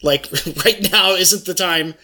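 A man's voice: high-pitched, takes it slowly, bright, forceful tone. A man co-hosting a casual chat, laughing often and talking in a hesitant way full of fillers.

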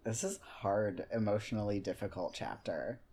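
Very low-voiced woman podcast host. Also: normal speed, husky. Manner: animated, swears freely, ranting and laughing. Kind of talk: casual podcast chat.

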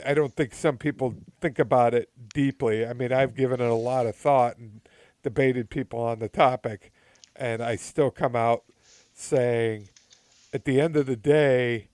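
A man argues back in casual podcast debate, often tripping over his words and restarting. His voice sits at a middle pitch. The recording is close and dry. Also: a little mellow, dry recording. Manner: stammering restarts, pushes back. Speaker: podcast co-host. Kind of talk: political debate chat.

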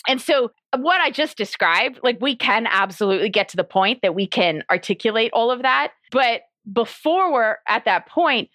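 A woman's voice: a little high, expressive, moderate pace, hardly any pauses, pushed and bright, no echo. Woman sexologist chatting on a podcast, says like a lot, laughs easy, dry close mic. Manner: chatty, peppered with "like", laughs easily. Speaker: sexologist guest. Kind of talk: casual interview, explaining.

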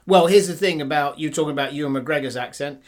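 A man's voice: fairly high pitch, fast talker. A man co-hosting a casual film-review chat, who explains the plot in detail. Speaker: podcast co-host reviewing films.

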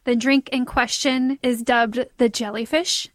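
A woman's voice: fairly high pitch, steady tone, unhurried, dry recording. A young woman with a light Texan accent, chatting and telling a story on a podcast with lots of "like" fillers and giggles. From Texas. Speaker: podcast co-host. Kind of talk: casual chat.

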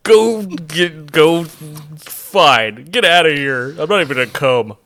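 A man's voice: a little high, animated, takes it slowly, sharp tone. A man co-hosting a podcast in casual chat, joking and laughing often. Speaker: podcast co-host.

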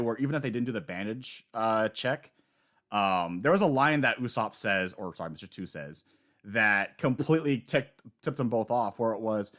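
Rambling, animated man co-hosting. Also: medium pitch. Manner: rambling, animated, swears casually. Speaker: podcast co-host. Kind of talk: casual chat about manga chapters.

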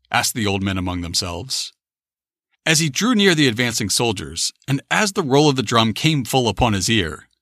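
A man reads a classic tale aloud with measured, expressive delivery. His voice is bright and animated in pitch, and it sounds dry and close. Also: no echo. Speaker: narrator. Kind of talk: dramatic literary reading.

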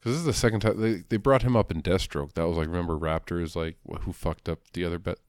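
A man with a very low voice talks comics in a loose, casual way. He swears often and slips into quick character voices. The sound is dry and close. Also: a little mellow, no room sound. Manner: loose, profane, acts out characters in quick asides. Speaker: comic book discussion co-host. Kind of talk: casual chat.

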